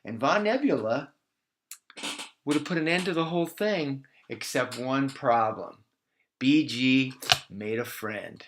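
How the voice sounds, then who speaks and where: A man's voice: medium pitch, background noise. Playful man telling a made-up story. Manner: animated, playful, slows for emphasis. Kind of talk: improvised children's story.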